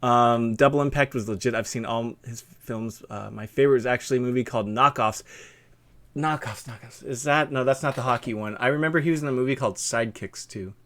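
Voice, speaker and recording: A man's voice: mid-range voice, brisk, a bit bright. Young man with a lisp, rambling. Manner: rambling, loose, full of fillers and restarts. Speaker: stream host interviewing a guest. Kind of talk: casual chat.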